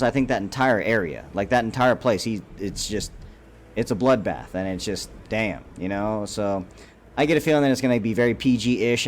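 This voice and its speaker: A YouTube commentator with a lowish voice reacts to a movie trailer in a casual, profane ramble, full of fillers and restarts. There's a little hiss or hum on the recording.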